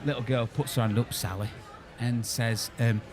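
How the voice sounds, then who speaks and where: A man's voice: mid-range voice, steady tone, normal speed. A man co-hosting a podcast, telling jokes in casual chat with a giggly, self-mocking manner. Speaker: podcast co-host.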